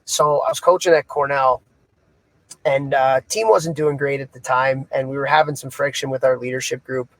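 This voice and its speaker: A man's voice: mid-range voice, steady tone, moderate pace, no room sound. A man who coaches hockey, co-hosting a podcast and telling a story in a casual, rambling way full of fillers. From Canada. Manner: casual, filler-heavy, retelling conversations.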